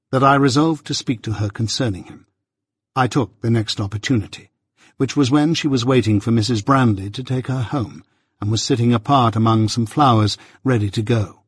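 A man giving a measured, earnest reading of a classic novel as an audiobook narrator. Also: mid-range voice, slightly rough, dry recording, clean studio sound.

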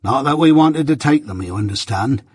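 Brief: man voicing a plain-spoken rustic blacksmith, slow and thoughtful, husky storybook voice. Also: medium pitch, lively intonation, a little mellow, dry recording, studio quality. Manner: slow, meditative, rustic grammar. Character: kindly simple village blacksmith, slow and plain.

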